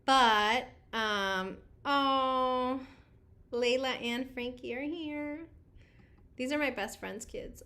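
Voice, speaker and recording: Chatty woman beauty vlogger, slow-paced. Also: high voice, pushed and bright. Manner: chatty, greets viewers, laughs often. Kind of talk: casual livestream chat.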